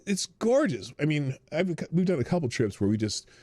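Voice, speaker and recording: Lively rambling stream host, man. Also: a little high, moderate pace, no room sound. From Nebraska. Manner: rambling, jumps to loud excited outbursts. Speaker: host of a live morning stream. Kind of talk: casual live-stream chat.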